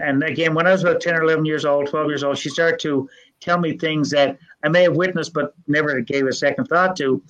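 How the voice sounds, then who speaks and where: An older man, telling family ghost stories in a folksy, earnest way with halting restarts. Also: fairly high pitch, a bit bright. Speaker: storyteller guest. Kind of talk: casual storytelling. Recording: dull lo-fi sound.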